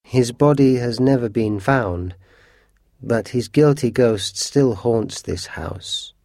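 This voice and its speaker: A man voicing an ominous old housekeeper woman with a raspy voice and gloomy, warning tones. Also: mid-range voice, takes it slowly, a little mellow, dry recording, studio quality.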